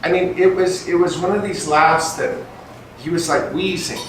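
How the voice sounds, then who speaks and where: An older man giving a storytelling talk to a group, animated and acting out the dialogue in his anecdotes. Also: a little high, moderate pace. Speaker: guest speaker. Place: meeting room with an audience. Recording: echoey room, distant mic, faint noise.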